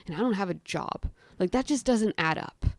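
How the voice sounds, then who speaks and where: In a dry, close recording with no room sound, a young woman guest recounts a story casually, using "like" constantly and performing the lines of herself and others. Her mid-range voice is expressive and darkish, moving at normal speed.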